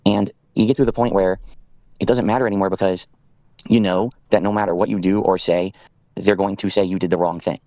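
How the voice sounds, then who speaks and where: A man's voice: low-pitched, fairly even intonation, brisk, darkish tone, dry recording, highs cut off. A drunk man on a late-night call with another streamer, talking earnestly and reassuringly in long rambling repetitions.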